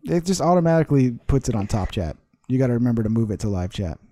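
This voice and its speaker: Rambling male livestream host, dark voice. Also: mid-range voice, very animated, fast talker, dry recording. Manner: rambling, laughs often, reads chat aloud. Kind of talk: casual live stream chat.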